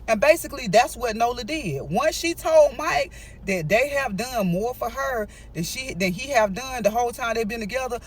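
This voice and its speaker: A woman's voice: fairly high pitch, animated, moderate pace, breathy edge. A woman narrating a storytime in a chatty, emphatic way, breaking off to lecture her listeners.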